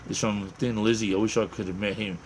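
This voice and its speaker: A rambling, jokey middle-aged Australian man chatting casually to a live stream audience in a lowish voice. He restarts his sentences and drifts between stories. Faint vehicle and ambient noise sit behind him. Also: fairly even intonation, fairly quick. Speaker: livestream host. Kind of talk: casual live chat reading viewer comments.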